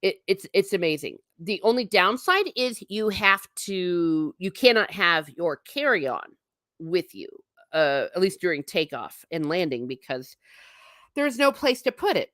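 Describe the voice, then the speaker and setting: A woman's voice: on the low side, big pitch swings, a little slow, a bit bright, dry recording. A woman hosting a casual live stream, chatting irreverently with her viewers, laughing often and swearing mildly. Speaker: vlogger reading live chat.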